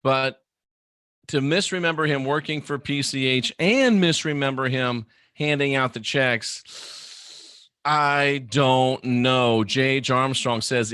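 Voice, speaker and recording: A man's voice: medium pitch, fairly even intonation, slow, sharp tone, clean tone, no echo, clean studio sound. A man hosting a casual livestream, musing aloud and reading viewer comments. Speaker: livestream host.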